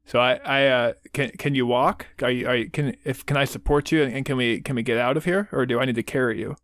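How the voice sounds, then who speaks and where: Hesitant, stammering game player. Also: male voice, mid-range voice, steady tone, quick pace, a bit bright, dry recording, clean studio sound. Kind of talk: tabletop game play.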